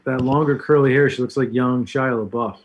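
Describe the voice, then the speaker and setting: A man's voice: medium pitch, fairly even intonation, fairly quick, lo-fi sound. A man chatting casually on a podcast while watching fight videos, reacting with exclamations and laughter. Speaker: podcast guest.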